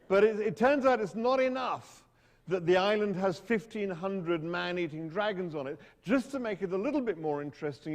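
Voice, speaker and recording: A man's voice: high-pitched, a little mellow, in a large hall. A man giving a humorous storytelling talk to an audience, wry and hesitant, often restarting his sentences. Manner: hesitant, self-interrupting, wry.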